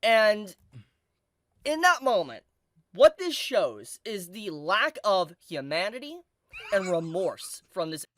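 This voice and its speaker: A commentator's voice, recorded close and dry, reading scripted video commentary in a mock-serious, dramatic tone of condemnation. The pitch moves animatedly through every line. It is a mid-pitched voice with a clean, deadened sound. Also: sing-song, slow, fairly bright tone, no room sound. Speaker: YouTube commentator.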